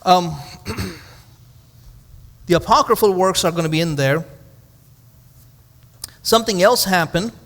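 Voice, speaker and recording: A man's voice: high-pitched, slow pace, long pauses, fairly bright tone. Man teaching in a reverberant hall. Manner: conversational, rhetorical questions to the audience, dry humorous asides. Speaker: pastor. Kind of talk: Bible study teaching.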